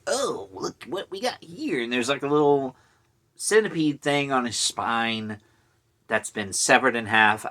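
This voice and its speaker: Bright-voiced man rambling a movie recap. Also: medium pitch. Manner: rambling, casual, lots of fillers and asides. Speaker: horror movie reviewer. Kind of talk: casual movie recap vlog.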